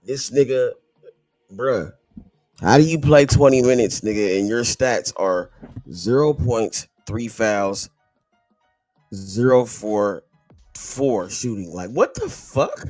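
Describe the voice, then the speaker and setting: A man hosting a live stream rambles through his disbelief at a basketball clip in loose, slangy speech. His pitch sits in the middle range. The sound is dry, with faint music behind him. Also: animated, slow, a little mellow, no room sound. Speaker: host. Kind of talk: live-stream reaction commentary.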